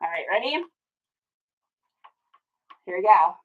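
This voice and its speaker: A woman's voice: medium pitch, animated, takes it slowly, dull audio. A woman hosting a casual livestream, playful and joking with her viewers. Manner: playful, sings along and jokes with viewers. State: out of breath. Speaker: online reseller livestream host.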